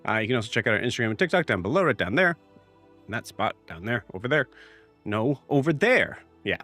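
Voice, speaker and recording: A man's voice: medium pitch, sing-song, fast, sharp tone, faint music behind. A man hosting a live tabletop game stream, giving rambling announcements full of filler words before the session. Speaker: game master and show host.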